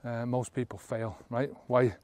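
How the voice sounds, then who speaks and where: Unhurried and a little mellow, this man's medium-pitched voice keeps a fairly even intonation. He's a sobriety coach delivering a motivational talk to camera, earnestly and bluntly coaching listeners to quit drinking, with casual curses and "right?" check-ins.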